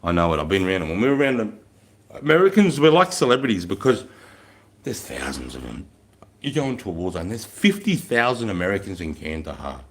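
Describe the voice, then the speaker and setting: A man's voice: low voice, sing-song, a little fast. Australian man in his thirties, livestream guest, casual and rambling, heavy swearing. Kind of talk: casual chat.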